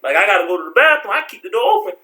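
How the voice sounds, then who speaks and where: A man telling a story from his life in a casual vlog, slangy and animated, acting out the people in it. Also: high voice, very fast. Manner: animated, slangy, acts out voices.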